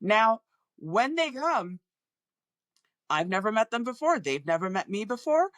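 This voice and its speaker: A woman with an international accent that is often mistaken for American talks to camera as a communication coach. Her pitch swings widely, and she acts out patients' remarks in voices. The sound is dry and close to the mic. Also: big pitch swings, a little slow, no echo. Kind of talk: direct-to-camera talk.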